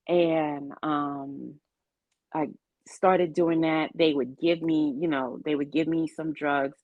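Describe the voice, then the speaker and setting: A woman with a low voice speaks slowly and earnestly, sharing her testimony as an interview guest. The sound is dry and a little dull, as if from a lo-fi recording. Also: dry recording. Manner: earnest, faith-filled storytelling with quoted dialogue.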